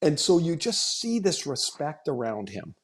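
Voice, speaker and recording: A man's voice: fairly high pitch, very animated, a little slow. A middle-aged man, a former hockey player, telling rambling anecdotes on a podcast in a casual way. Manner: rambling anecdotes with restarts, laughing. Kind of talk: casual storytelling.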